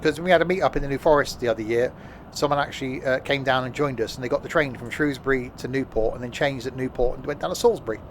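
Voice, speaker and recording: A game streamer with a medium-pitched voice talks fast over background noise. His gameplay commentary is casual and jokey, rambling and trailing off mid-sentence.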